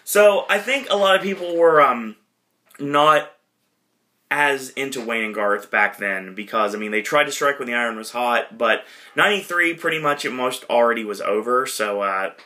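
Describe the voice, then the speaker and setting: Male podcast host, mid-pitched, bright and forward tone, casual rambling delivery. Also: animated, moderate pace. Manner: rambling, many fillers and self-deprecating asides. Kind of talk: casual movie retrospective.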